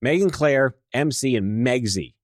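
A man's voice: medium pitch, animated, no echo. Guy hosting a podcast, jokey and teasing, voice jumps around a lot, dry close mic. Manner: joking, teasing, quick asides. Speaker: podcast host. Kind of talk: casual interview chat.

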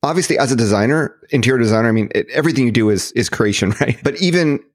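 A man's voice: medium pitch, expressive, racing, dry recording, clean studio sound. A man as a podcast guest, upbeat and explaining at length in a casual interview. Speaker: podcast guest, marketing educator.

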